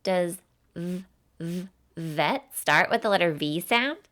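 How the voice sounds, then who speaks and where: A woman's voice: medium pitch, animated, measured pace, fairly bright tone. A woman voicing a cheerful, folksy teacher, giving an encouraging, sing-song phonics lesson for children.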